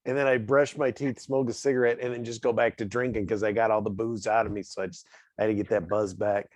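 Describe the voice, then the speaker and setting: A man's voice: fairly low pitch, flat delivery, quick pace, a little mellow, no echo, studio quality. A man in casual podcast chat, rambling and laughing through a story as co-host.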